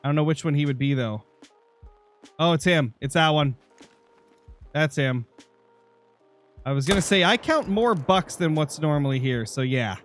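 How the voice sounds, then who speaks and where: A man's voice: a little high, lively intonation, normal speed, long pauses, faint music behind. A young man streaming a hunting game, chatting casually and answering viewers while nursing a sore, dry throat. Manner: chatty, answering chat messages. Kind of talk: live gaming stream commentary.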